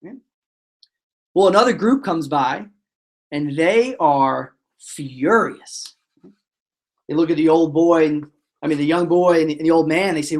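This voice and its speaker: A man presenting a motivational webinar, telling stories in a lively way and acting out the voices of the characters. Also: a little high, measured pace, long pauses. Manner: animated storyteller, acts out voices. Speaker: motivational speaker.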